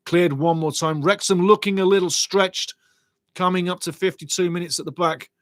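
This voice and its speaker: A middle-aged man hosting a live football watch-along, calling the action excitedly and reading viewer comments aloud. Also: sits high, normal speed, dry recording.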